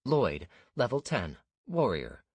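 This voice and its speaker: A man's voice: medium pitch, wildly swooping pitch, takes it slowly, husky, no room sound, voice pushed up, heavily acted. A man reading an audiobook, voicing an exhausted young male novice warrior with a weak, wheezy voice.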